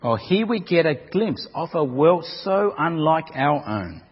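A man's voice: on the high side, big pitch swings, measured pace, husky. A man preaching a sermon in a dramatic way, often repeating words as he goes. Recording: dull recording with long hall reverb.

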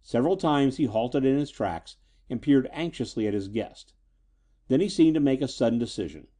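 Man reading an old pulp story, dramatic, mellow tone, lots of pitch swing. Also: normal speed. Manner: expressive, dramatic narration. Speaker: narrator.

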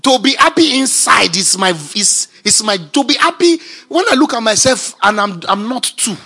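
A man preaching a sermon as pastor, swinging from shouted declarations to quiet, chatty asides. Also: sits high, lively intonation, normal speed.

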